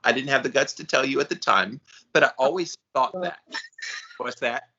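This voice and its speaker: A man co-hosting a casual podcast chat, animated and acting out quotes in different voices. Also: medium pitch, a little fast, vocal fry, highs cut off. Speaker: podcast co-host.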